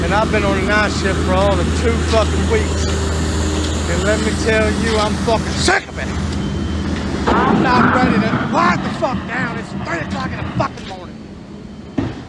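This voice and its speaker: A man's voice: sits high, unhurried, pauses often. A man playing a grumpy, fed-up male night-shift worker who rants and curses as a comic field correspondent. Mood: fed-up ranting. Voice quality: gravelly, cursing. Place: outdoors near vehicles. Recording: outdoors with loud traffic noise and reversing beeps.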